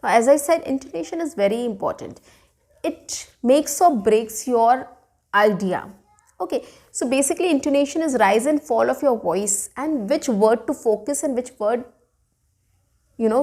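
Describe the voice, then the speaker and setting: A woman teaches spoken straight to camera. She smiles and talks expressively. She keeps checking in with "okay" and "you know.". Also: a little high. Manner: frequent "okay" and "you know" fillers, demonstrates intonation with example sentences; smiling and expressive while speaking. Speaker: English teacher. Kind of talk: speaking lesson to camera.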